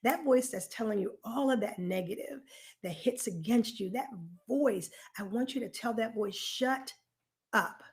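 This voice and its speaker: A woman's voice: fairly high pitch, normal speed, mellow. A woman hosting a live online self-reflection workshop, talking straight to her participants in an earnest, encouraging way and stressing key phrases. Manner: emphatic, repeats key phrases. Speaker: workshop host.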